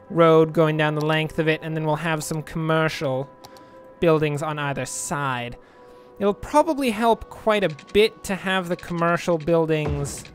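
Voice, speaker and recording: A man giving casual, rambling commentary over a city-building game, with self-mocking asides. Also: fairly high pitch. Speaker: let's play gamer.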